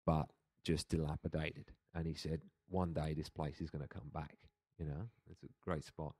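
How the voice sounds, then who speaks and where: A man's voice: extremely low pitch, flat delivery, moderate pace, a little mellow, breathy edge, dry recording. An Irish man chatting casually as a podcast guest, rambling and laughing often. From Ireland. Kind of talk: casual chat.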